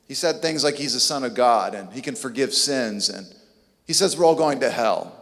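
A man's voice: mid-range voice, animated, normal speed, creaky, fairly bright tone, big-room sound. A man preaching a sermon, emphatic and repeating key words for effect.

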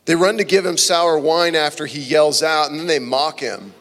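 A male pastor preaching a passionate sermon, swinging between loud emphasis and hushed, near-whispered phrases. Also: on the high side, moderate pace, hardly any pauses. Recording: long reverb of a large hall.

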